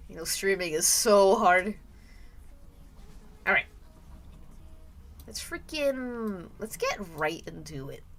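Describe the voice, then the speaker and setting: A young woman streaming her drawing session, drifting through half-finished sentences and frequent laughs. Her pitch swings widely even though her pace stays slow. Soft music plays quietly underneath. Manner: rambling, self-interrupting, laughs often. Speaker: art streamer. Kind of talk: casual live-stream chat. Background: soft background music.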